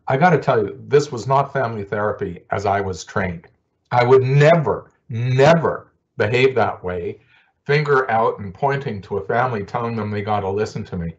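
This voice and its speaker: A man's voice: medium pitch, normal speed. Older man telling a story, dull audio. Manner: storytelling, conversational with frequent fillers. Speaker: social worker. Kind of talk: recorded professional talk.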